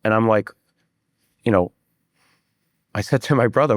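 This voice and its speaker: A man's voice: mid-range voice, fairly even intonation, a little slow, long pauses, no room sound, studio quality. A man in an interview, telling a personal story candidly, with many fillers and restarts. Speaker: guest, private equity investor.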